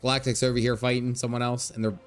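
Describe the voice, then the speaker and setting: A man's voice: mid-range voice, little pitch movement, quick pace, soft background music. A man streaming a game, giving casual, chatty commentary with frequent laughs and casual swearing. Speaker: gaming streamer.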